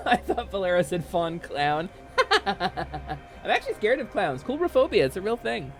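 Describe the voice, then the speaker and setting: A woman streaming a video game, chatting casually and animatedly, swinging into loud mock outrage and laughter. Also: mid-range voice, sing-song, unhurried. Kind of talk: casual live-stream chat while gaming.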